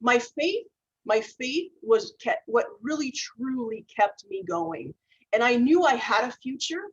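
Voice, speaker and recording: A woman's voice: on the high side, lively intonation, unhurried, muffled recording, slight background noise. A woman speaker from Minnesota giving a motivational talk, telling personal stories earnestly and laughing at her own mistakes. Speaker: keynote speaker.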